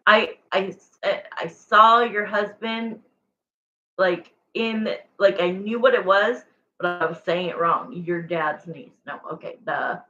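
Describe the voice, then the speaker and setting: A woman chats her way through a casual livestream tarot reading at an unhurried pace. She rambles, corrects herself and talks straight to the viewers. The sound is dull and lo-fi, like a home stream. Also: medium pitch, bright, forceful tone. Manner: chatty, rambling, self-correcting, answering viewers. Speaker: tarot reader.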